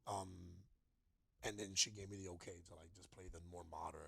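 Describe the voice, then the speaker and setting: A man, a DJ guest on a podcast, telling stories in an animated, slangy way and swearing. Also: deep voice, fairly quick, vocal fry, slight background noise. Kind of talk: casual storytelling.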